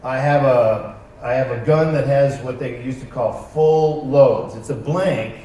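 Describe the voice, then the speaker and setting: A man on a convention stage telling wry, animated anecdotes to a live audience, acting out the dialogue in them. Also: mid-range voice, measured pace, a little hiss or hum. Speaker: convention panel guest. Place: large convention arena stage. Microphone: heard from far off by a camera in the hall. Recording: echoey hall recorded from far off.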